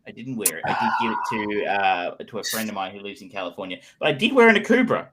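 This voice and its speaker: A man's voice: lowish voice, very animated, fast talker, background noise. A middle-aged Australian man co-hosting a podcast in casual chat, rambling with lots of fillers and restarts. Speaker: podcast co-host.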